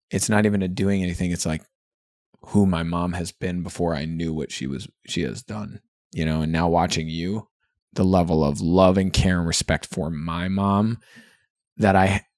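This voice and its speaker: Low-voiced man, earnest podcast chat. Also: a little mellow, dry recording, clean studio sound. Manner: earnest, reflective, chatty with frequent fillers. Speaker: podcast co-host. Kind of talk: candid podcast conversation.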